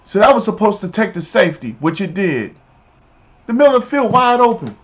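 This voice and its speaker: A man streaming a football video game, chatting casually and telling stories in an animated, slangy way. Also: high-pitched, a little fast. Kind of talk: casual live-stream chat while gaming.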